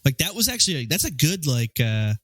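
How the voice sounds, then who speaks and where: A man co-hosting a casual podcast, jokey and animated. His slightly high voice swings widely in pitch. The sound is dry and close, with no room echo. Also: fairly quick. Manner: animated, jokey, laughs at his own jokes. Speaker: podcast co-host. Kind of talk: casual chat.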